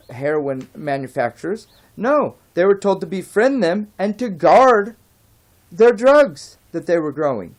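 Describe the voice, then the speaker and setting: Sitting a little higher than most men's voices, this vlogger delivers an unscripted, heated rant. He rambles and drifts off track, occasionally swearing and then apologizing.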